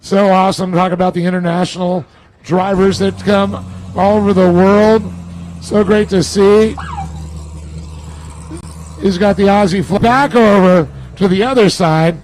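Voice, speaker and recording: High-voiced hyped event host. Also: male voice, measured pace, pauses often, slight background noise, poor audio. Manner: energetic and hyped, cheers drivers on. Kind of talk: live event interview. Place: outdoor race event.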